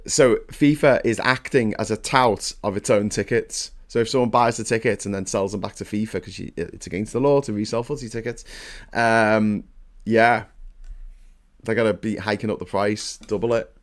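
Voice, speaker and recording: A man's voice: lowish voice, normal speed. A man hosting a casual morning live stream, chatting, swearing freely and thanking viewers for their donations.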